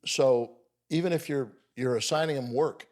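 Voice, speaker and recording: Older man, mid-range voice, a dad on a podcast, warm-humored aside style. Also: medium pitch. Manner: chuckling, illustrates points with quick quoted dialogue. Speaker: father and podcast guest. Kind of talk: casual family conversation.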